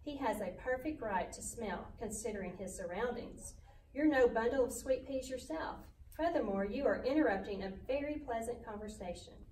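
A woman voicing a calm, wise female spider who reassures and instructs in a storybook reading. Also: mid-range voice, normal speed, roomy sound, recorded from a distance, slight background noise, lightly acted, low-quality recording. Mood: sharp.

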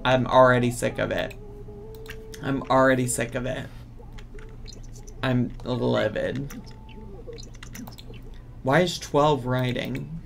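Male streamer, slow and gravelly, ranting at the game in exasperation. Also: mid-range voice, fairly even intonation. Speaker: gaming streamer. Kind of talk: casual gameplay commentary.

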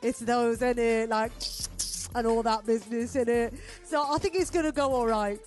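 A man chats to camera before his stand-up set, self-mocking and joking at a relaxed, middling pitch. Faint music plays in the background. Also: moderate pace. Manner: joking, self-mocking, laughs at own lines. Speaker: stand-up comedian. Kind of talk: casual chat to camera before a gig.

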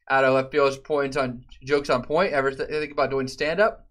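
A man streaming a game and chatting loosely with his viewers, profane and given to sudden loud outbursts. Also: medium pitch, fairly even intonation, normal speed. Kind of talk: casual live-stream chat.

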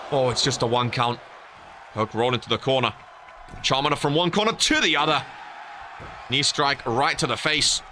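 A young man giving excited play-by-play commentary on a wrestling video game, rising to shouts at near falls. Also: on the high side, a little hiss or hum.

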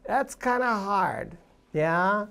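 A woman's voice: mid-range voice, lively intonation, extremely slow, gravelly, heavy background noise. A woman giving a violin masterclass, encouraging her student in short coaching phrases and humming passages to show how they go. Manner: hums and sings phrases to demonstrate. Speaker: violin teacher. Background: violin playing.

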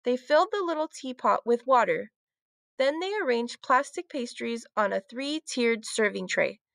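A woman teacher reading a children's book aloud, with clear, expressive storytelling. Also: a little high, moderate pace, dry recording.

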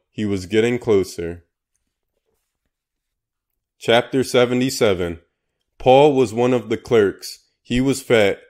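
A man's voice: mid-range voice, darkish tone. A man narrating an audiobook in a dry, matter-of-fact manner. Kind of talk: scripted narration.

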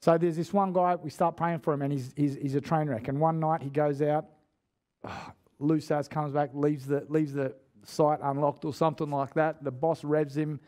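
A man's voice: on the high side, little pitch movement, normal speed, a little mellow. Chatty man preaching. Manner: chatty, slangy, restarts often. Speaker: guest preacher. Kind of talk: casual sermon storytelling. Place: church.

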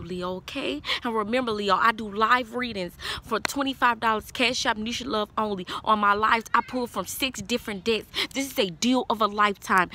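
A woman's voice: a little high, pushed and bright, a little hiss or hum. A woman giving a tarot reading in a casual vlog, talking bluntly with lots of swearing, scolding and then reassuring. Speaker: tarot reader.

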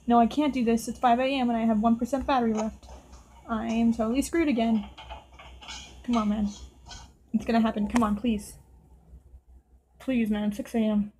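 Woman let's-play host, nervous chatter at the game characters, higher-pitched voice, faint hiss on the track. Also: fairly even intonation, normal speed, long pauses, warm tone, rough recording. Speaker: gameplay video host. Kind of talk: casual let's-play commentary.

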